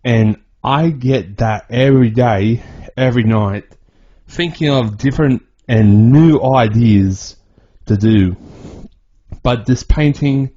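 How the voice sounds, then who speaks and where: A man narrating his own video in a halting, rambling way, with many restarts and repeated words. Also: mid-range voice, warm tone. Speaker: vlogger. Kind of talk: personal voice-over narration. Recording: dull lo-fi recording.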